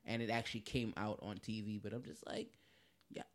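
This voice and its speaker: A man co-hosting a podcast, talking in an excitable, profane, slang-filled casual chat. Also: fairly low pitch, fairly quick. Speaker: podcast co-host.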